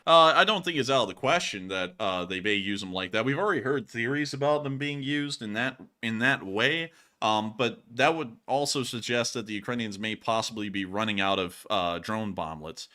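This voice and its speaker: Bright-voiced man hosting a live stream. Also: on the low side, moderate pace, few pauses. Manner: laughs often, loose joking banter. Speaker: host of a war news stream. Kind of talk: casual live-stream chat answering viewer questions.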